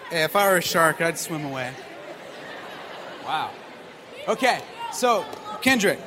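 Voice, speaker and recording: A man preaching to young people, lively and joking, asking the crowd questions and bringing a volunteer up on stage. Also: fairly high pitch, a little slow, big-room sound, noisy background. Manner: lively, jokey, talks straight to the crowd. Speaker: youth pastor. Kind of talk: sermon with audience participation.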